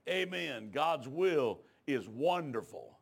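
A man preaching a revival sermon, telling folksy stories and building up to shouts. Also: mid-range voice, sing-song, slow, creaky. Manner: folksy rural talk that rises into shouting. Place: church.

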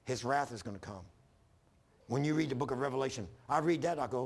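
A man preaching a fervent sermon as pastor, swinging from loud emphasis to hushed lows and calling on the congregation to answer. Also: lively intonation, fast talker, pauses often, slightly rough. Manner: calls for congregation responses.

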